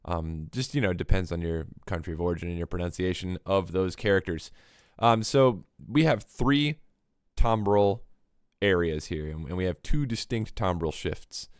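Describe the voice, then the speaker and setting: A man's voice: low voice, normal speed, clear, resonant tone, no echo, studio quality. A man hosting a casual livestream music lesson, explaining patiently and mimicking hi-hat rhythms with clipped mouth sounds. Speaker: livestream host.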